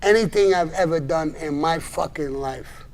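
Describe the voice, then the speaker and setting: An older man holds forth on a live stream, cursing freely and pushing back hard at a critic. His voice sits somewhat high for a man, and his delivery is blunt and combative, broken by short gruff laughs. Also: moderate pace, a little mellow. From New York. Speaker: live show host answering viewer messages. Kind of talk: blunt livestream monologue.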